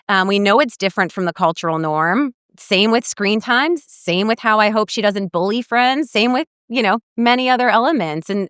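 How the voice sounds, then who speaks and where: A woman's voice: medium pitch, a bit bright, clean tone, no echo, clean studio sound. A middle-aged woman dietitian telling stories in a podcast interview, animatedly quoting others. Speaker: guest dietitian.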